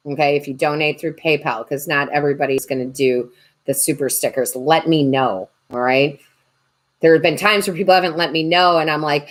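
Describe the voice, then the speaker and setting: A woman tarot reader and medium chatting on a livestream, joking and reading viewer comments aloud. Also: low voice. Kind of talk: casual livestream chat.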